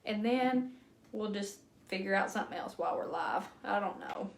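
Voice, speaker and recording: Speaking at a moderate pace in a gravelly, mid-range voice, this woman hosts a relaxed craft demo on a livestream. The room echoes with faint noise, and she chats freely, pokes fun at herself, and laughs often when she slips up.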